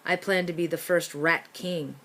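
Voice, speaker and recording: A woman voicing a calm, ambitious young male street rat who speaks in a matter-of-fact way in a storybook reading. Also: fairly low pitch, moderate pace, pitched below the performer's own voice.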